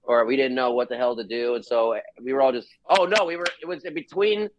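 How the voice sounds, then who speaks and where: A young man from New Jersey, a band vocalist telling a rambling, animated story on a podcast and laughing through it. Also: mid-range voice, quick pace, no echo, dull audio. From New Jersey, USA.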